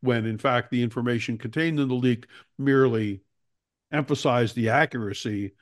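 A man's voice: mid-range voice, normal speed. Wry joking male talk show host. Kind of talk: casual political chat.

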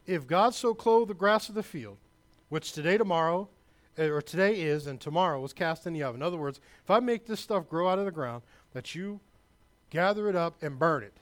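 A male pastor preaching a sermon, emphatic and loud, with asides to the congregation. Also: fairly high pitch, animated, moderate pace.

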